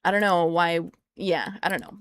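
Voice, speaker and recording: A woman's voice: fairly low pitch, moderate pace, no echo. A young American woman chatting casually on a live stream, playful and rambling as she talks to her viewers while tinkering. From United States.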